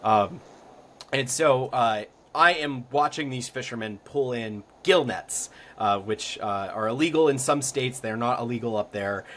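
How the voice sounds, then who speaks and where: A young man from Florida, guesting on a podcast, tells stories casually and ramblingly, full of ums and likes, perking up at the exciting moments. His voice is medium-pitched and measured, with slight background noise.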